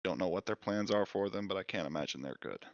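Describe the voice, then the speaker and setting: Low gravelly-voiced man running a game. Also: fast talker, no room sound, muffled recording. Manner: joking, swearing. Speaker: game master. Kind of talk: casual tabletop game chat.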